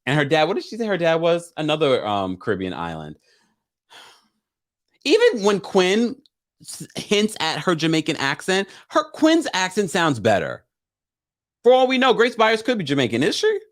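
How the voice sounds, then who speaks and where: A man's voice: fairly high pitch, wildly swooping pitch, moderate pace. A man hosting a live recap stream, chatting casually, reading viewer comments and laughing between remarks. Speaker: live recap show host.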